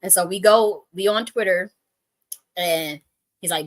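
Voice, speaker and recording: A woman's voice: lowish voice, a little slow. A woman who works as a spiritual reader, telling a personal story in a rambling way, swearing freely and often restarting her sentences. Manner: profane, restarts often, breaks into laughs.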